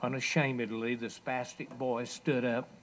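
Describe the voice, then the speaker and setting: A man preaching a sermon, emphatic, with loud raised passages and soft drops. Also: medium pitch, flat delivery, normal speed.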